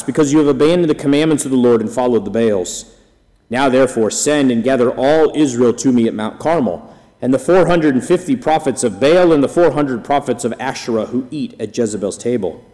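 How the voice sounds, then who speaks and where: A man's voice: medium pitch, darkish tone. Man reading scripture in a reverberant hall. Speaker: scripture reader.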